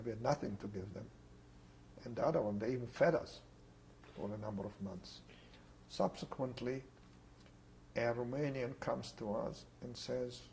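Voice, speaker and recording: An older man from Czechoslovakia recounts his wartime survival in an oral history interview. His voice is gravelly and his pitch sits in an ordinary middle range. He speaks unhurriedly with pauses, over a faint background hiss. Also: a little mellow, rough recording. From Ungvar, Czechoslovakia. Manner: unhurried, plain storytelling with pauses.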